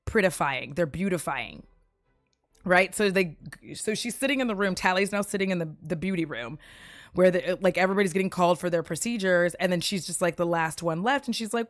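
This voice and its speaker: A woman casually recapping a movie, profane, giggly and animated as she tells the story. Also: lowish voice, fairly quick, no room sound, clean studio sound.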